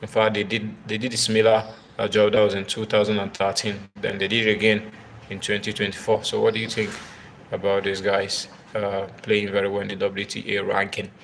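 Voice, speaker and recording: A man talks tennis on a live video in a low, gravelly voice. He speaks in halting bursts full of fillers and repeated words. He keeps turning to his viewers to ask for their comments. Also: completely flat delivery, a bit bright, slight background noise. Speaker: tennis live-stream host. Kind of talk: casual live-stream commentary.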